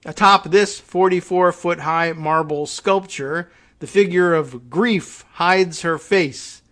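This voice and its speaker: A man hosting a talk show, reading an article aloud slowly and deliberately, then breaking off into quiet, halting asides. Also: sits high. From United States. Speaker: podcast host.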